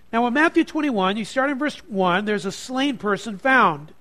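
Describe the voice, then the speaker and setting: A man preaching a sermon to a congregation, moving from quiet reflection to loud, emphatic passages. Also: very high voice, lively intonation, measured pace. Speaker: pastor.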